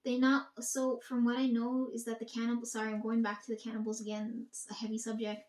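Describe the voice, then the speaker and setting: A woman's voice: on the high side, monotone, fast, darkish tone, reverberant. A young woman rambling to her audience in a casual monologue, swearing often and talking emphatically.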